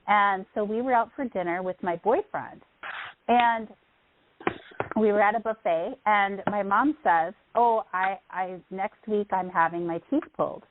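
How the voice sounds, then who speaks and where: A middle-aged woman, a podcast guest, tells a long personal story in casual chat, rambling and quoting other people along the way. Her medium-pitched voice keeps a measured pace, coming through a tinny phone line with a noisy background.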